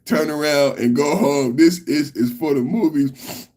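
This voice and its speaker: A man hosting a podcast, giving casual commentary in an animated, incredulous way. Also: a little high, measured pace. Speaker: podcast host.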